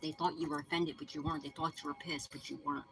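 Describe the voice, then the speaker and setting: A woman's voice: low voice, little pitch movement, rapid-fire, over music, low-quality recording. A woman hosting her channel, giving viewers a casual, profane spiritual pep talk and repeating her reassurances over and over. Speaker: spiritual reader and channel host.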